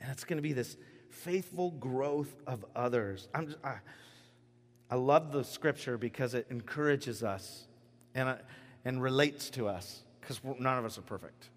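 Animated male preacher in a reverberant hall. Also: mid-range voice, moderate pace. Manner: animated storytelling, acts out voices. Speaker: pastor. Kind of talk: sermon.

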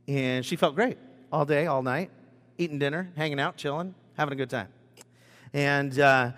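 A middle-aged male pastor with a fairly high voice gives a chatty, joking sermon. He restarts his sentences often and drifts into family stories. His voice trails off into the long reverb of a church sanctuary. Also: a bit bright. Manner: chatty and humorous, with frequent restarts. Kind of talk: conversational sermon.

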